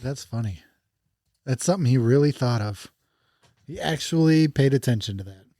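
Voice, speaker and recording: A man's voice: medium pitch, lively intonation, moderate pace, mellow, no room sound. A man co-hosting a podcast who teases and jokes in casual chat. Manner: teasing, joking. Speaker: podcast co-host.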